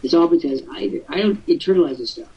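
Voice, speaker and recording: Older man host, husky and off-mic. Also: on the high side, quick pace, recorded from a distance. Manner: expansive storytelling, theatrical asides. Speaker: webcast talk show host. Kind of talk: casual live webcast talk. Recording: husky voice from off-mic, muffled lo-fi audio.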